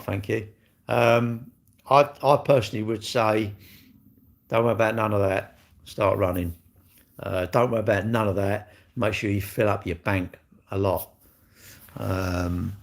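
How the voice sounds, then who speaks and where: A gravelly, fairly low-voiced man, chatting loosely to his stream viewers. He rambles from point to point and tags most of his statements with a quick question back at the listener. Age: 60s. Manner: rambling, chatty, ends lines with tag questions. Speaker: live streamer. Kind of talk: casual chat answering viewer comments.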